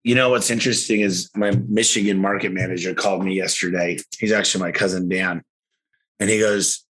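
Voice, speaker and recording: Upbeat low-voiced businessman telling stories. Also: steady tone, a bit bright. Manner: enthusiastic storyteller, quick asides. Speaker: guest, garage door company owner. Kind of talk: casual interview talk.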